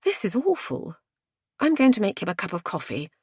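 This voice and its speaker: A woman doing a plummy, brisk lady. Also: mid-range voice, huge pitch swings, a little mellow, slightly rough, dry recording, studio quality, pitched above the performer's own voice, full character voice. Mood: fussy.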